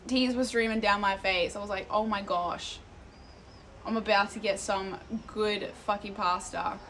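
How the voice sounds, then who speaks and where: A woman's voice: medium pitch, steady tone, a little slow, fairly bright tone, slight background noise. A young woman, chatting casually to her live stream chat, easily sidetracked and swearing freely, talking into a phone held out. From Australia. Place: outdoors in an Italian town, walking.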